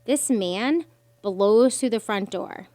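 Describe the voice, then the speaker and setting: A woman's voice: medium pitch, takes it slowly, no echo. Woman guest, podcast mic, dry close sound, emotional storyteller who swears and voices others' lines. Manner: animated, swears freely, acts out quoted voices.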